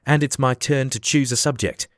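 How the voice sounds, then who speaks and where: A man voicing a pompous, self-important egg man who is quick to take offence, read as an audiobook character. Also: medium pitch, steady tone, no echo, clean studio sound, close to an everyday voice. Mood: haughty.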